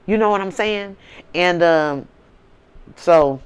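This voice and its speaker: A woman's voice: fairly low pitch, slow pace, clear, resonant tone. A woman host telling a personal story in a candid, blunt way, often tagging lines with "you know what I'm saying.". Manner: blunt, profane and conversational. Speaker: advice channel host.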